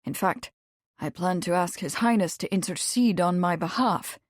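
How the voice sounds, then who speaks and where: A woman's voice: lowish voice, normal speed, no echo, studio quality, natural voice. A woman voicing a young male royal guard who speaks firmly and a little stiffly. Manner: firm, clipped, then awkward.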